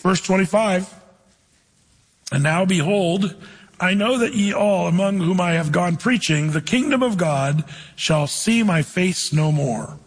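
A man preaching a conversational sermon, telling stories and reading scripture slowly. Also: sits high, husky, long reverb tail, rough recording. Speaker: pastor.

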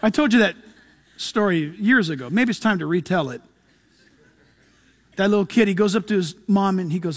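A man with a high, light voice preaches to his congregation. He swings from loud, urgent appeals down to hushed, almost whispered asides. He acts out quick quoted lines as he tells his stories. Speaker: pastor. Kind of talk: sermon.

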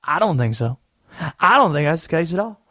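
A man putting on a Southern accent to play an excitable conspiracy-theorist sports pundit on a radio show. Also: a little high, no room sound, studio quality, exaggerated voice. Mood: scheming. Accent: American Southern. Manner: fast-talking, drawling, wheedling. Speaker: radio host.

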